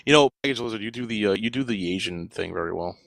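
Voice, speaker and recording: A man in casual chat, talking quickly and offhandedly. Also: lowish voice, vocal fry, a bit bright, dry recording.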